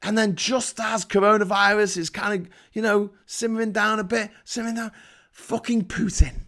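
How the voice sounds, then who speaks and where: A man's voice: sits high, steady tone, normal speed, a bit bright. A man with a British accent hosting a livestream, ranting angrily about politics with constant swearing and sarcasm. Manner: profane, sarcastic, angry. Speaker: livestream host.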